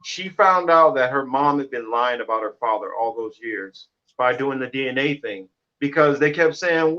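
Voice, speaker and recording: A man's voice: medium pitch, normal speed, bright, forceful tone. A man from Kansas City, co-hosting a casual discussion, rambling through stories with lots of fillers. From Kansas City, Missouri. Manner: rambling, storytelling with many fillers. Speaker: co-host. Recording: muffled lo-fi audio.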